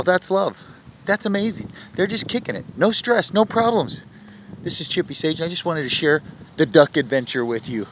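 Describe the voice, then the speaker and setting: A man's voice: medium pitch, fairly bright tone. A man vlogging outdoors in a parking lot, talking to ducks in a coaxing, sing-song baby-talk voice. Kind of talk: casual outdoor vlog. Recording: dull lo-fi camera audio, faint noise.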